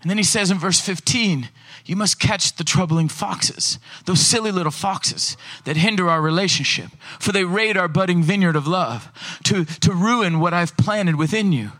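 High, bright-voiced man preaching a sermon. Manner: animated, fast and slow in turns, acts out voices.

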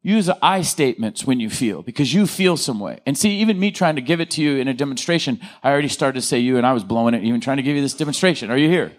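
A middle-aged man giving a conversational teaching talk, animated, acting out example phrases and checking in with his listeners. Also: medium pitch, quick pace, few pauses. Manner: animated, acts out example quotes, checks in with the audience.

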